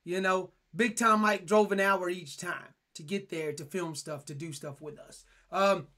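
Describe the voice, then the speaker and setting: A young man with a high, bright, forceful voice co-hosts a casual podcast. He tells stories with emphasis and animation. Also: steady tone, unhurried. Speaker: podcast co-host.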